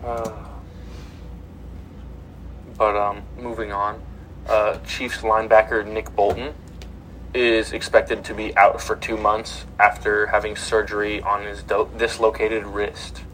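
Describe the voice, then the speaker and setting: A man's voice: lowish voice, level tone, slow, fairly bright tone, a little hiss or hum, low-quality recording. A man hosting a casual sports podcast, reading news items with many ums and uhs.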